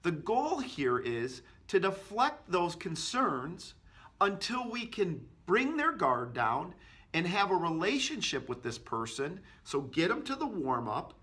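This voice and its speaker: A man's voice: high voice, very animated, takes it slowly, bright, forceful tone, slightly rough. A man giving a sales training tip, talking energetically and acting out short agent and customer exchanges. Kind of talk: instructional talk to camera.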